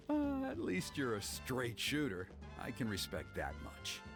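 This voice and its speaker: An actor playing a gruff, suspicious father who is a village elder, in a video game. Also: medium pitch, huge pitch swings, takes it slowly, over music, heavily acted. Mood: wary. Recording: game soundtrack clearly behind.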